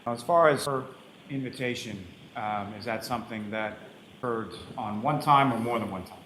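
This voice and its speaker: A man with a Boston accent questioning a witness in a courtroom, asking quick questions full of uh fillers. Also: mid-range voice, fairly bright tone, reverberant, a little hiss or hum. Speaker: prosecutor. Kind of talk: courtroom direct examination.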